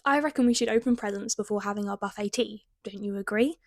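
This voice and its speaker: A British woman voicing a caring mother in a storybook, speaking in a warm, motherly way. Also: mid-range voice, fast talker, no echo, studio quality, lightly acted. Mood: cheerful.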